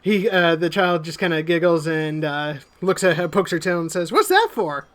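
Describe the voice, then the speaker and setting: Laid-back game master, slightly high voice. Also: male voice, moderate pace. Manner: relaxed, many "uh" fillers. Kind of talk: narrating a tabletop game.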